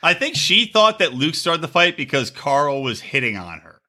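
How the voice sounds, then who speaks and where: A man hosting a podcast, ranting profanely and mocking reality TV stars with quick impressions. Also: on the high side, sing-song, pushed and bright. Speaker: podcast host. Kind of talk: profane comedic rant.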